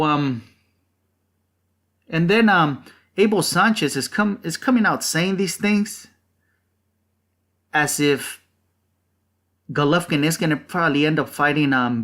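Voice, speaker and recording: A man's voice: fairly high pitch, fairly bright tone. A man hosting a boxing channel, ranting bluntly and profanely in a casual, rambling way full of fillers.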